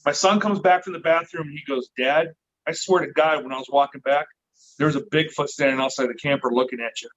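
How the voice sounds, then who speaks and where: Middle-aged man telling a lively tale. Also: a little high, quick pace. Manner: lively, swearing, acts out the voices he quotes. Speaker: podcast guest. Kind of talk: casual storytelling. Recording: dull lo-fi recording.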